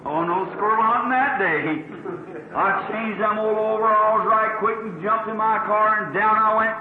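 A man's voice: high voice, moderate pace, crowd noise. A male preacher tells a story in a sermon, rambling and folksy and acting out the dialogue. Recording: tinny lo-fi echoey old sermon tape.

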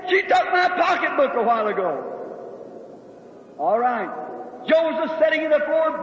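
A preacher with a strikingly high voice tells a homely story from the pulpit in an earnest, drawn-out way. His voice echoes around a large hall, and the old recording sounds dull. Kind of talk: sermon with personal story.

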